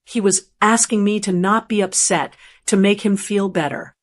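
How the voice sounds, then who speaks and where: Female narrator, mid pitch, measured first-person storytelling, calm and even.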